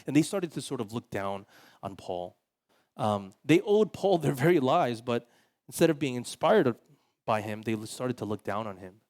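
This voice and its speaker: A man's voice: mid-range voice, moderate pace. A male pastor giving a sermon in a casual, conversational way, full of "like" fillers, who acts out the people he quotes. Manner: animated, voices quoted people.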